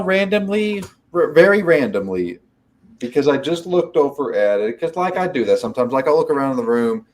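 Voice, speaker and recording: Male co-host, chatty, wandering delivery, repeats himself, average pitch. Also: darkish tone. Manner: meandering, repeats words as he thinks. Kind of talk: casual chat.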